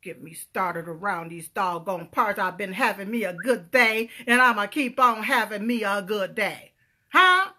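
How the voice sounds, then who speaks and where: A woman giving a loud, emphatic political rant to her viewers, calling out to them often. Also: on the high side, measured pace. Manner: loud, emphatic, calls out to viewers, punctuates with "huh?". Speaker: political vlogger.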